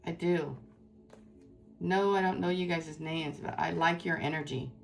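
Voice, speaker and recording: A woman's voice: on the low side, steady tone, a little slow, vocal fry, soft background music. A woman giving a tarot reading to her viewers in an effusive, rambling, spiritual way. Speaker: tarot reader.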